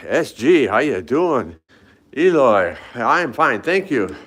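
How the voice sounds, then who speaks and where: A man's voice: mid-range voice, big pitch swings, slow, a bit bright. Older man vlogging while walking hotel halls. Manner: chatty, greets live chat viewers by name while walking. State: slightly out of breath from climbing stairs. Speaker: fitness vlogger. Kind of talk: casual live-stream walk vlog. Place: indoors, hotel hallways and stairwells.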